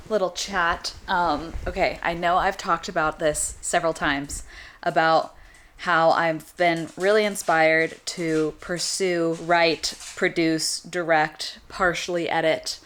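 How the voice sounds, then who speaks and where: A woman's voice: lowish voice, steady tone, measured pace, a bit bright. A young woman vlogger chatting casually and upbeat while baking in her home kitchen. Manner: chatty, upbeat, self-deprecating.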